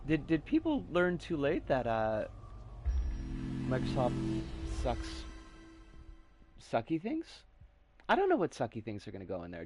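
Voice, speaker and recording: A woman streams a game with a wildly swinging voice that jumps from low mutters to high yelps. She curses constantly at the game and chats loosely with viewers in between. Soft game music plays faintly behind her. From United States. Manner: swears constantly, yelps and curses at the game, then drifts into rambling chat. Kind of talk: casual live game commentary. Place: home streaming setup, living overseas.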